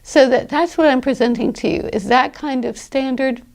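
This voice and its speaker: Gravelly-voiced woman teaching pronunciation. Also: high-pitched, a little mellow. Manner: deliberate, explanatory, with occasional fillers. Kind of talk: online pronunciation lesson.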